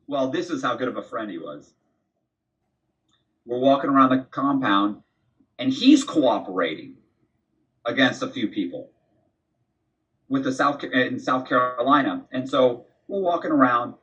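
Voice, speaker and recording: A man's voice: medium pitch, lively intonation, a little slow, long pauses, fairly bright tone. A man tells a long story as an interview guest, rambling and acting out bits of dialogue, often restarting his sentences. His voice sits in a middle range and comes across from some distance. The recording is muffled and lo-fi. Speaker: podcast guest. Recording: distant, dull lo-fi sound.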